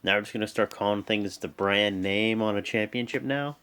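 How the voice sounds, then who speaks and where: A young man hosting an excitable live reaction show, rambling with many fillers and restarts. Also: moderate pace, clear, resonant tone. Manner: excitable, jumps high when emphasizing. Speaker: host.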